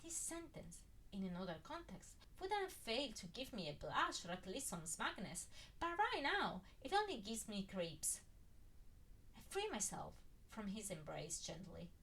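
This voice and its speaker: Woman narrating with wide pitch swings. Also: measured pace, slight background noise. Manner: expressive, swinging emphasis. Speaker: fan fiction reader. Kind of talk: first-person story narration.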